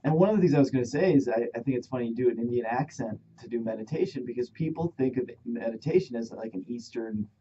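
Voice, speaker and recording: A male radio co-host chatting casually, calmly explaining points between short replies. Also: mid-range voice, quick pace, few pauses, a little hiss or hum. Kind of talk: casual talk radio chat. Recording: dull lo-fi radio studio sound.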